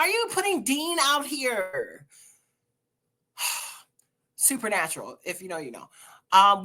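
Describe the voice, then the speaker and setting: A husky woman with a bright, forceful tone reads online posts aloud and reacts to them. Her pitch swings all over as she comments with sass, jumps to loud outbursts and drops to a low mutter for asides. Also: a little slow, pauses often. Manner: animated, sassy commentary with sudden loud outbursts. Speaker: host.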